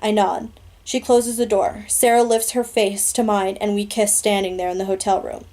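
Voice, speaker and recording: A woman reading a novel aloud in a steady, earnest storytelling manner. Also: mid-range voice, moderate pace. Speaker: audiobook reader.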